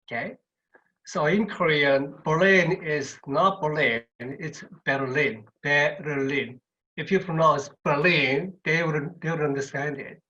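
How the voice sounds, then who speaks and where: A man's voice: on the high side, a little slow, pushed and bright. A man lecturing in an online webinar, repeating words and checking in with "okay" as he goes. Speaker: university lecturer. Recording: dull lo-fi webinar audio.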